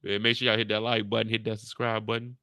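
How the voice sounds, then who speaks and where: Gravelly, bright-voiced male vlogger. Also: fairly low pitch, little pitch movement, fast, no echo. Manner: laid-back, slangy, repeats his points. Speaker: YouTube show host. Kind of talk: casual recap chat.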